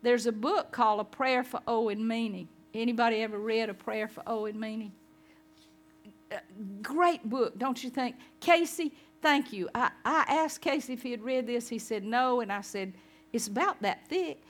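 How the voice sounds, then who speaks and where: A woman's voice: on the high side, normal speed. A woman pastor giving a conversational sermon, chatting with her congregation.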